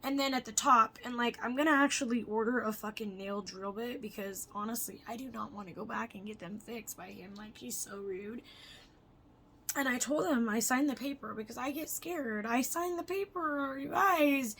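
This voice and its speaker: A woman's voice: a little high, normal speed, fairly bright tone, a little hiss or hum. A young adult woman vlogging casually, rambling with lots of fillers and frequent swearing. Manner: chatty, swears freely, rambling with many fillers. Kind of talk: casual personal vlog.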